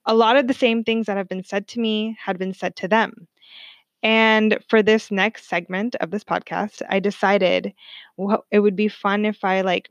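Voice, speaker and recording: A woman's voice: medium pitch, dry recording. A woman in her twenties hosting a casual solo podcast, talking candidly and animatedly, swearing freely and saying "like" a lot. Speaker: podcast host. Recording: dull lo-fi sound.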